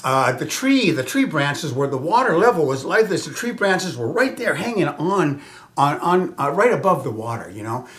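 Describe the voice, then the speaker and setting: A man from Southern California telling a personal story in a rambling way, full of restarts, fillers and soft whispered asides. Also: a little high, sing-song, moderate pace.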